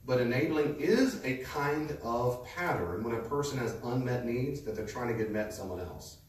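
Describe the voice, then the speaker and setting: A man teaching a class in a conversational way, telling stories with a lively manner to a live audience. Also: mid-range voice, normal speed. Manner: lively storytelling, lecturing. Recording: echoey room, distant mic, faint noise.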